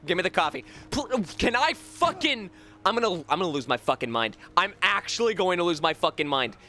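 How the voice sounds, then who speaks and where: A young man giving excitable live gameplay commentary, swearing a lot and making jokey asides. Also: sits high, brisk. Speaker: streamer playing a horror game.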